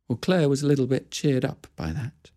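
A woman storyteller telling a fairy tale in an animated, conversational way with asides to listeners. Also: extremely low pitch, moderate pace.

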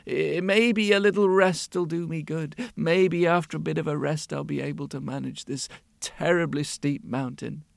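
A man voicing a weary, overburdened old male donkey who talks slowly and sounds defeated. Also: on the high side, fairly even intonation, vocal fry, dry recording. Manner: slow, sighing and defeated.

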